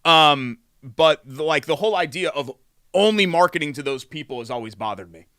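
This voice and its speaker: A man's voice: fairly high pitch, fairly quick, dry recording, clean studio sound. A man co-hosting a sports talk show, chatting casually with plenty of fillers and restarts. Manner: animated, with frequent fillers and restarts.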